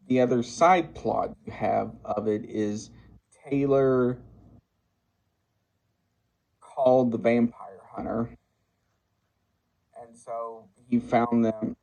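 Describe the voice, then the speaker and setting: An older man in his sixties talks through a movie's plot at an unhurried, plodding pace. He stops and restarts often, leaning on fillers as he goes, in a mid-range voice. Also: medium pitch, creaky, warm tone, rough recording. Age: 60s. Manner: halting, many fillers and restarts. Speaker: movie reviewer. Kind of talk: casual plot recap.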